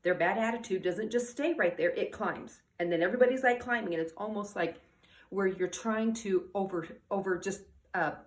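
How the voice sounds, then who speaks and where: A woman's voice: medium pitch, normal speed. A woman talking as a parenting coach in a casual advice monologue. She rambles, restarts her sentences and keeps checking in with "okay?" and "all right?".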